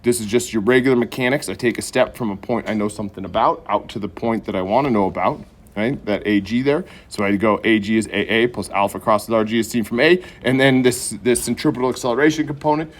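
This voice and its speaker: A man's voice: fairly low pitch, fast. A middle-aged man teaching an engineering class in a conversational, joking way, often checking in with "right?". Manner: conversational, frequent "right?" check-ins and self-deprecating jokes. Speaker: engineering professor. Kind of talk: classroom lecture. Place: lecture hall.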